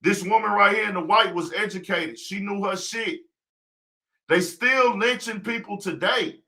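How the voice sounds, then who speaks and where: His voice sits high, sounding pushed and bright, and he talks a little slowly. The podcast host leads a casual livestream talk show, posing rhetorical questions and supplying the answers himself to preach his point.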